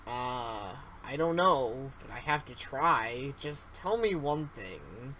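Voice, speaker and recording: A streamer reading the lines of a frightened high school boy, pleading and earnest. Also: very animated, takes it slowly, sharp tone, a little hiss or hum, heavily acted, low-quality recording. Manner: pleading and desperate. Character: frightened teenage boy, the hero. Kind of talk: reading game dialogue aloud.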